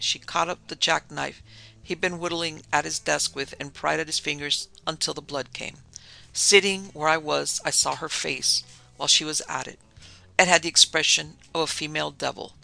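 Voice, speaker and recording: A man narrating a spooky tale in a measured storytelling manner. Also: a little high, fairly even intonation, vocal fry, bright, forceful tone, rough recording. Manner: storytelling, measured, dramatic dips.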